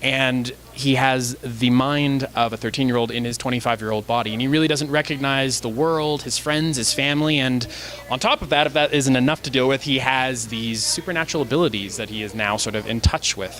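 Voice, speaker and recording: A man's voice: mid-range voice, brisk, fairly bright tone. A young man from Canada, an actor being interviewed, friendly and easygoing, laughing often. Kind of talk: casual interview.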